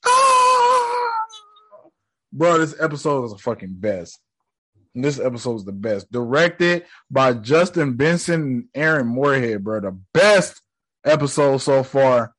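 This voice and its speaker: A man casually recapping a TV episode, excitable and profane, acting out scenes in slangy speech. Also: mid-range voice, measured pace. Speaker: TV episode reactor.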